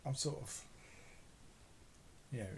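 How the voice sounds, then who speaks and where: A man's voice: takes it slowly, slight background noise, rough recording. A man with a London accent chatting casually as a vlog co-host, rambling with many fillers. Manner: rambling, hesitant, filler-heavy. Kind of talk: casual chat.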